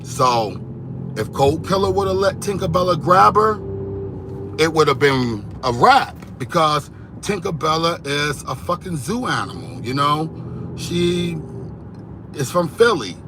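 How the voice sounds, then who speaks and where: A man giving rambling, animated gossip commentary on reality TV, repeating himself as he goes. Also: a little high, measured pace, noisy background.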